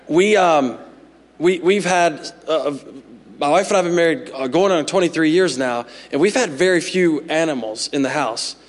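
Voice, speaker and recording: High-voiced pastor preaching in a hall. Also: male voice. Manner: humorous, animated storytelling with asides to the congregation. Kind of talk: sermon. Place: church sanctuary. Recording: reverberant hall.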